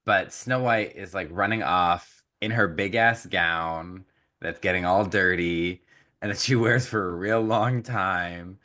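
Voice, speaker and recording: A man co-hosting a podcast, recapping a film in casual chat and acting out characters in quick asides. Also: low-pitched, pushed and bright. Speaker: podcast co-host.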